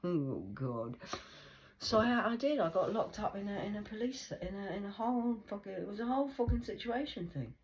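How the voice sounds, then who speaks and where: A woman's voice: medium pitch, lively intonation, normal speed. A woman in her forties ranting bluntly in a heated casual monologue, swearing often. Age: 40s. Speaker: vlogger.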